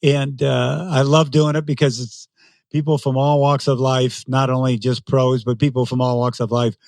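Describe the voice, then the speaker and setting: Creaky and slightly mellow, this mid-range male voice has a flat delivery at normal speed, recorded with no echo. He's a race announcer in his sixties, a guest in a casual interview, animatedly spinning stories and laughing a lot.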